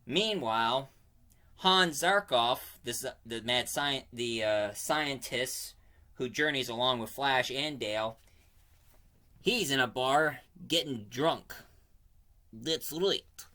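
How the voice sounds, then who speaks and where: A man's voice: medium pitch, slow, pauses often, pushed and bright. A man giving a casual spoken comic book review, rambling and digressive, often stopping to correct himself mid-sentence.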